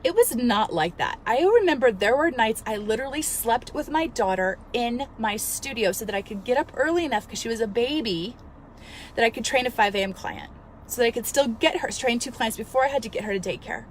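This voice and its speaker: A woman in her thirties, a fitness coach, telling a story in an earnest, emotional, animated way and giving motivational advice. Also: a little high, brisk, a little hiss or hum. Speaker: fitness coach and studio owner. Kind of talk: casual motivational vlog.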